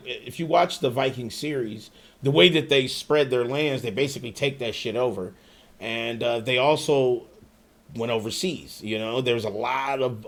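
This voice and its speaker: A man hosting a casual gaming podcast who laughs often and swears freely as he chats. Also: mid-range voice. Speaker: podcast host. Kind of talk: casual, profane gaming chat.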